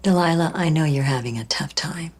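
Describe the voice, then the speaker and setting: A woman playing a soft-spoken, low-voiced counselor. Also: brisk, lightly acted. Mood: gentle. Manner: soft, gentle, coaxing.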